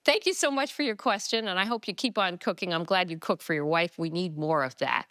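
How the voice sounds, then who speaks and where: A woman's voice: lowish voice, brisk, a bit bright. A woman TV chef hosting a cooking show, explaining each step in a chatty, enthusiastic way from a studio kitchen on a lapel mic. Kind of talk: cooking demonstration.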